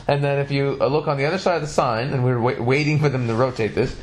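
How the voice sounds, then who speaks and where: A man hosting a casual podcast, telling stories in a profane, animated way. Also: mid-range voice, quick pace, a little hiss or hum. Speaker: podcast host.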